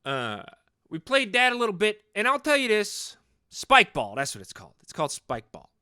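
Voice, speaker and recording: A rambling, boastful middle-aged dad who can't stand losing, as a man improvises him on a comedy podcast. His voice is bright and clear, sitting a little high and swinging freely up and down as he goes. The sound is close and dry. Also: huge pitch swings, moderate pace, dry recording, heavily acted. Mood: worked up. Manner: rambling, boastful, repeats himself. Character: hot-headed, overcompetitive middle-aged sports dad. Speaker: podcast host in character.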